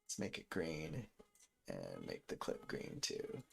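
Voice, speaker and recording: A man's voice: rumbling low, wildly swooping pitch, slow pace, vocal fry. A man in his thirties, a music producer, chatting casually and rambling to his stream viewers while he makes a beat. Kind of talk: casual livestream chat while making beats. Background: faint beat music.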